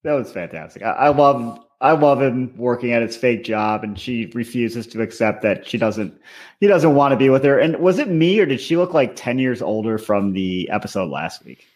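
A man's voice: medium pitch, expressive, moderate pace, a little mellow. A man co-hosting a podcast, chatting casually about reality TV and telling stories from his own life with frequent laughs. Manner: storytelling, laughs often. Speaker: podcast co-host. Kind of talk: casual chat recapping reality TV.

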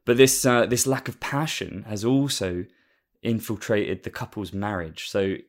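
A man's voice: fairly low pitch, unhurried. A man casually recapping a story as host, rambling with lots of fillers and laughing at himself. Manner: rambling, with many fillers and restarts, and amused.

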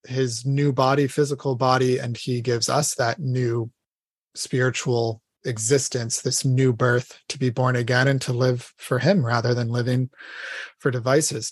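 A man's voice: medium pitch, no room sound. A man talking in a casual faith discussion, earnestly retelling a scripture story with many fillers. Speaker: podcast co-host.

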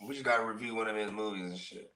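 A man co-hosting a casual podcast, excitable and quick to swear, peppering his talk with "bro" and "you know what I mean.". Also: fairly low pitch, heavy background noise. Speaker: podcast co-host. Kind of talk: casual chat.

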